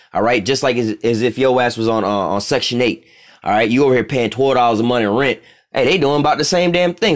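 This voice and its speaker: A man teaching scripture in a loose street style, profane and rambling, constantly checking in with "all right?". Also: medium pitch.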